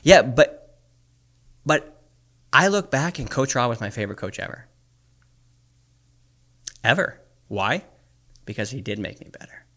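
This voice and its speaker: A man's voice: medium pitch, big pitch swings, measured pace, pauses often, a bit bright. Blunt, profane man in his forties. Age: 40s. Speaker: podcast co-host. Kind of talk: ranting motivational podcast talk.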